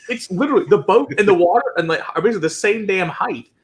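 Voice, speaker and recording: A man co-hosting a casual chat, telling travel stories in a profane, animated way. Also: high voice, quick pace. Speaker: whiskey show co-host.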